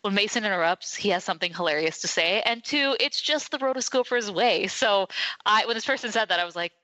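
Lively, sarcastic female podcast co-host, bright tone, dry close sound. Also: mid-range voice, a little fast, no room sound, poor audio. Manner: animated, playfully sarcastic. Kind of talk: casual chat.

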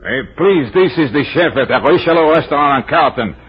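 A man's voice: fairly high pitch, expressive, brisk, husky, faint music behind. An actor putting on a fake French accent to play a panicky male chef phoning in a kitchen fire, in a 1940s radio drama. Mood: frantic. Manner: frantic, urgent. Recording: muffled 1940s radio recording.

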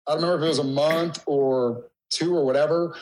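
A middle-aged man in casual conversation, telling a story in a halting, emotional way with many fillers. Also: fairly high pitch, steady tone, a little mellow, slight background noise, low-quality recording. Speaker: guest.

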